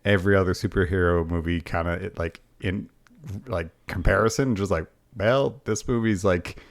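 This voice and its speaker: Deep-voiced easygoing podcast host. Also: male voice, moderate pace, vocal fry. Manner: easygoing, agreeable. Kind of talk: casual podcast chat.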